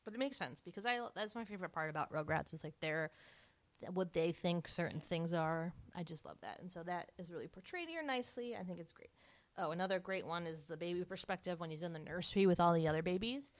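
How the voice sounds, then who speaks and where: A woman's voice: lowish voice, quick pace, no echo. Young woman podcast co-host, casual and chatty, laughs easily, dry close sound. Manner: chatty, laughs often, acts out movie lines. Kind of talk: casual chat.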